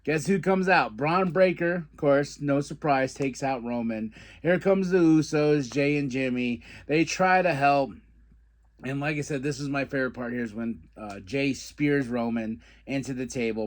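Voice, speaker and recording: A man's voice: medium pitch, moderate pace. A man hosting a podcast, chatting casually through a wrestling recap and acting out quotes. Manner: chatty, fan-like, quotes wrestlers in animated bursts. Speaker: podcast host.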